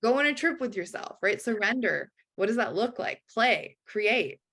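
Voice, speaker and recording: A woman life coach telling a personal story in an animated way, acting out quoted voices and often saying "like". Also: on the high side, moderate pace. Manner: acts out quoted voices, frequent "like".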